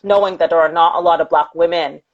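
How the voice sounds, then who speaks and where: A woman's voice: fairly low pitch, steady tone, fast, highs cut off. A woman hosting a live-streamed interview, effusive and reading viewer comments aloud. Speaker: interview host.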